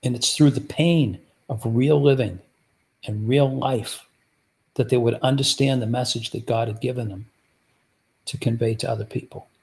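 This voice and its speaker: Man, preacher, gravelly voice, sermon delivery, rhetorical questions to the audience. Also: mid-range voice, fairly even intonation, moderate pace, a little mellow. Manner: rhetorical, repeatedly asks the audience "guess what".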